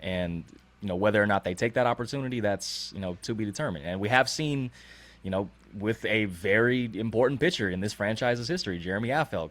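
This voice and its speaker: A man hosting a podcast, speaking in a measured, careful way and hedging his points. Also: lowish voice. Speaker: podcast host. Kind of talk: podcast conversation.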